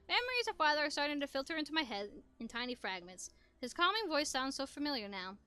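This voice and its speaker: A woman reading a visual novel aloud in expressive first-person narration on a headset mic. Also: high voice, fast. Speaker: gameplay narrator.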